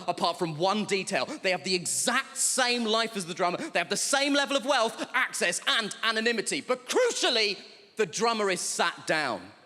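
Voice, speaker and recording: A man with a bright, fairly high voice doing stand-up with dry, deadpan punchlines. His voice carries a long reverb from the theatre hall around him. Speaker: stand-up comedian. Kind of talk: stand-up set. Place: theatre stage.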